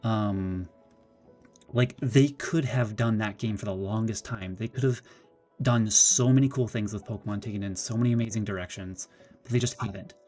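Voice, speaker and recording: A man's voice: lowish voice, moderate pace, faint music behind. Exasperated man ranting on a live stream. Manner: animated, exasperated ranting with many restarts. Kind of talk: casual live-stream commentary.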